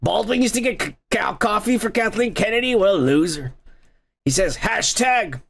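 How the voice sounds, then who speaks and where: A man's voice: sits high, lively intonation, normal speed, vocal fry, fairly bright tone, breathy edge. A man hosting a comedy podcast, reading out viewer comments in a crude, rambling way full of profanity and mocking asides.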